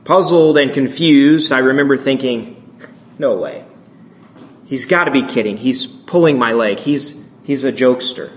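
A man in his thirties telling a story in a sermon, speaking in a slow, measured, hushed way with long pauses. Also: mid-range voice, slight background noise. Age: 30s. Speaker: speaker addressing a congregation.

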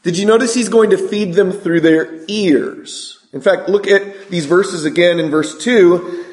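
A middle-aged man preaching a sermon, energetic and asking the congregation questions. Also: high voice, measured pace, echoey room.

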